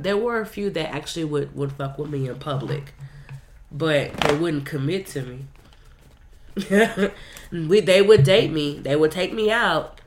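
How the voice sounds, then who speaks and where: A woman speaking to her viewers in a candid personal monologue, blunt and profane, swinging between loud outbursts and quiet stretches and calling her listeners y'all. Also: deep voice. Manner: frequent restarts and addresses listeners as y'all. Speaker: vlogger sharing a personal story.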